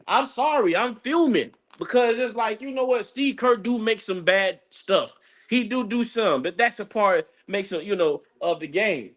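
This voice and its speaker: A man ranting casually about a basketball game as a fan, rambling and excitable, breaking into high laughing outbursts. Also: unhurried. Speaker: sports fan commentator. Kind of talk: casual live game-watching rant.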